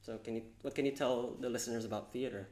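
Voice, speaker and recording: A man's voice: medium pitch, steady tone, quick pace, a little mellow, echoey room. A man hosting a podcast, asking friendly questions with lots of fillers. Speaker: podcast host. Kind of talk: casual podcast interview.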